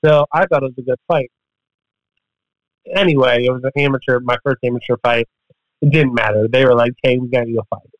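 A man's voice: medium pitch, fairly even intonation, fairly quick, long pauses, no echo. A man guesting on a podcast, telling a story casually in a rambling, profane way and acting out the quotes. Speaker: podcast guest, MMA fighter. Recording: dull, dry podcast audio.

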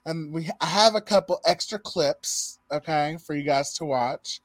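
Man, podcast host, casual profane chat, fairly high voice, dry close sound. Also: measured pace, no room sound. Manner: loose, profane, laughing commentary.

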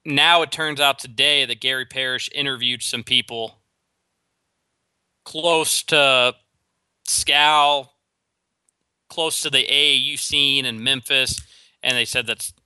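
Male sports talk host, opinionated and quick, stumbling over restarts, crisp dry booth sound. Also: medium pitch, steady tone, pushed and bright, no echo. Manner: opinionated, rapid with frequent restarts. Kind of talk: solo sports talk commentary.

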